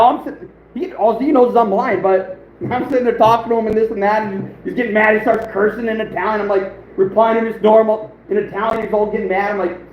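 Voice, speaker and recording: Male livestream host, high voice, boastful rambling chatter with frequent chuckles, recorded in a roomy space over faint background noise. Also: highs cut off. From United States. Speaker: outdoors channel host, livestreaming. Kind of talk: casual livestream chat.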